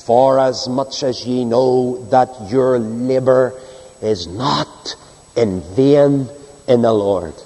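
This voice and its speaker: A man preaching a sermon and reading scripture, swinging between soaring high cries and low hushed drops. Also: takes it slowly. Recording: long hall reverb.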